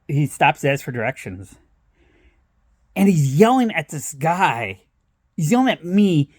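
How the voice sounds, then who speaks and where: A man's voice: mid-range voice, no room sound. Guy telling a family story on his vlog, rambly and cussing, dry close mic. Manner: rambling, profane, laughs through his stories. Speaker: vlogger. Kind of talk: casual storytelling.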